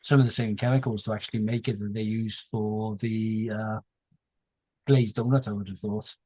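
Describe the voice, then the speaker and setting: A man's voice: fairly low pitch, fairly even intonation, moderate pace, dark tone. A man chatting casually on a stream, musing aloud and cracking jokes. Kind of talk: casual online chat.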